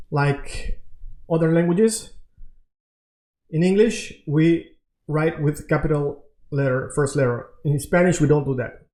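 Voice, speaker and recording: A man teaching an online Spanish lesson, who explains slowly and keeps checking in with the viewer. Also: on the high side, dark tone, roomy sound.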